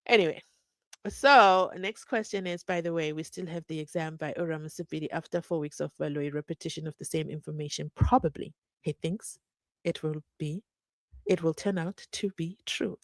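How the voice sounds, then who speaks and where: A woman's voice: low voice, fairly even intonation, moderate pace, no echo. A woman hosting a true crime live stream, chatting casually, reading viewer comments and laughing often with mock-incredulous questions. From South Africa. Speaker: true crime channel host.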